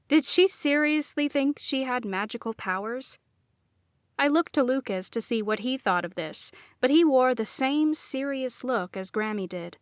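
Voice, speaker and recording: Slow, dry first-person audiobook narrator, woman. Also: on the high side, dry recording.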